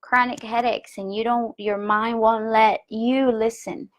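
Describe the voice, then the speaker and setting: A woman in her thirties giving a candid, expressive live talk on intuition, reading viewer comments aloud and jumping up in pitch when she quotes herself. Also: unhurried. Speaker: spiritual teacher.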